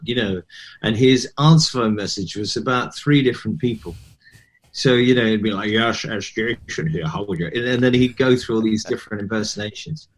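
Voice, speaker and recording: A middle-aged man, an actor as guest, telling animated stories in a relaxed interview and acting out what others said. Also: medium pitch. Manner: animated storyteller, quotes people in lively voices. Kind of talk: conversational interview.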